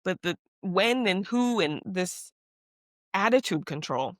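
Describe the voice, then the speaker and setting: A woman co-hosting a podcast in casual chat. She talks in animated, exasperated rants with emphatic outbursts. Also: fairly low pitch, takes it slowly, no room sound. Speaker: podcast co-host.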